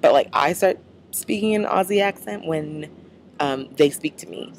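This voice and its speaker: Young adult female, American accent, low-pitched, talky casual vlogger who fills every pause. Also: slight background noise. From United States. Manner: chatty, rambling, many fillers. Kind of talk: casual vlog.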